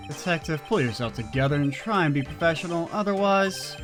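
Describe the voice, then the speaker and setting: A player doing a high, fussy old judge. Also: expressive, brisk, music in the background, lightly acted. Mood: stern. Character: fussy elderly male judge, easily flustered.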